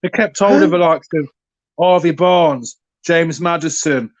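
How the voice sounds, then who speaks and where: A man hosts a casual debate podcast, sparring cheekily with his guests. His voice sits a bit high and he argues his corner stubbornly. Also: normal speed, highs cut off. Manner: cheeky, argumentative. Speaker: host.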